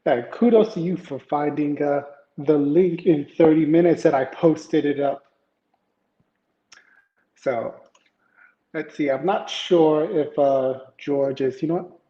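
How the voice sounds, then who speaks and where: A man's voice: a little high, fairly even intonation, slow pace, pauses often, mellow. A man hosting a live tech show, casually chatting with viewers and reading news stories in a rambling way. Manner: rambling, chatty, greets viewers in chat, many fillers. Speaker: livestream tech show host. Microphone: home setup, iPad camera and PC. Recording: echoey room, dull lo-fi sound.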